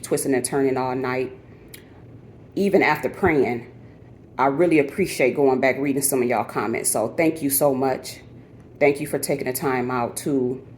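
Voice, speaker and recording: Deep-voiced weary middle-aged woman vlogger. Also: darkish tone, a little hiss or hum. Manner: earnest, heartfelt, talks directly to viewers. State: weary and frustrated. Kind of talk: candid personal vlog. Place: at home in her apartment.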